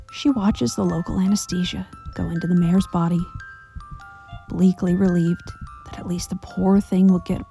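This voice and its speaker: A woman reading a dark fan story aloud, measured and at times hushed to a whisper. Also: lowish voice, husky. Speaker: narrator.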